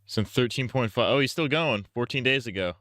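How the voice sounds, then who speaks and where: A man with a bright, forceful voice chats through a live reaction stream, swearing freely and circling back over his thoughts. The sound is close and dry, with no room around it. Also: medium pitch, a little fast, no room sound. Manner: thinks aloud with restarts, profane slang. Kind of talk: casual live-stream commentary.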